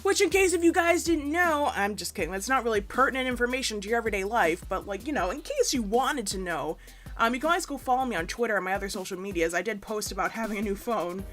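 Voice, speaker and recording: A young woman rambles through a casual gaming voiceover, self-deprecating and easily sidetracked. Her voice sits in a middle pitch, and soft music plays quietly underneath. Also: fast talker. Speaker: gaming YouTuber. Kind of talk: casual voiceover chat over a speed build. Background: soft background music.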